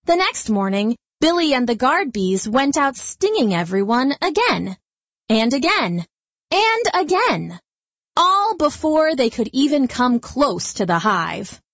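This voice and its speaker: A woman narrating a children's story in a gentle, lively storytelling manner. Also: high voice, unhurried, dry recording, lo-fi sound.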